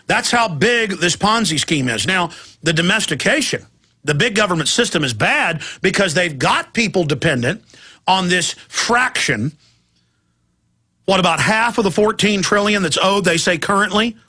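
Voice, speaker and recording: A man's voice: high voice, lively intonation, moderate pace, pushed and bright, slightly rough. A middle-aged man hosting a talk radio show, delivering an impassioned, ranting monologue and mimicking opponents' voices. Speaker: radio host.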